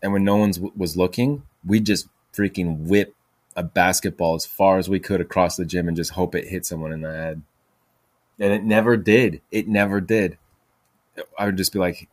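A man's voice: sits low, fairly even intonation, normal speed, no room sound. A man hosting a podcast, telling stories in a rambling way with many fillers and restarts. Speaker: podcast host. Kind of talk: casual storytelling monologue.

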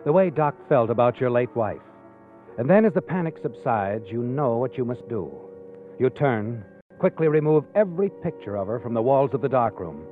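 A man giving measured, ominous second-person narration for a radio drama. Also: medium pitch. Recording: lo-fi old radio recording with music.

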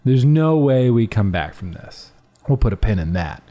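Reflective man with a lively voice. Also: medium pitch, normal speed. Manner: reflective, hesitant, restarts his sentences. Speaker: podcast co-host. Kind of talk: casual movie recap chat.

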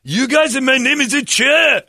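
A man voicing a chain-smoking male golfer who keeps insisting on his own name in a high, emphatic voice. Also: very animated, unhurried, pushed and bright, no echo, full character voice. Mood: insistent.

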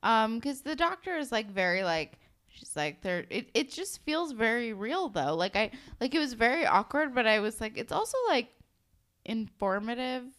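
A woman's voice: fairly high pitch, sing-song, moderate pace, fairly bright tone. A young woman co-hosting a podcast, chatting casually about a TV episode, filling her talk with "like" and swearing for emphasis. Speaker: podcast co-host. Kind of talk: casual TV recap chat.

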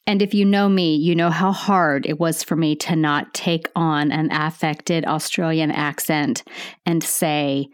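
A woman nurse hosting a podcast, speaking slowly and calmly as she explains things. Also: low-pitched, clear, resonant tone. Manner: slow and calm. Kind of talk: calm educational podcast talk.

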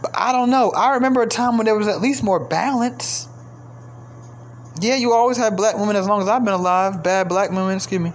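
A man delivering a heated, profane commentary rant, swinging between raised outbursts and low, exasperated muttering. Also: fairly quick, slight background noise. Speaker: commentary vlogger. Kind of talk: ranting commentary monologue.

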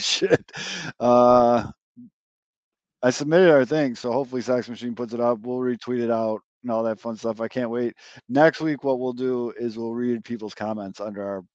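A man's voice: medium pitch, darkish tone, no room sound, dull audio. A man hosting a podcast in casual banter, laid-back and swearing freely. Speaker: podcast host.

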